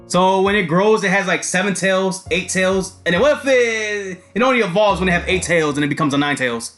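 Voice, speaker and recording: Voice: mid-range voice, animated, moderate pace, fairly bright tone, faint music behind. Rambling, swearing game streamer. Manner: rambling, laughing, swearing freely. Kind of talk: casual gameplay commentary.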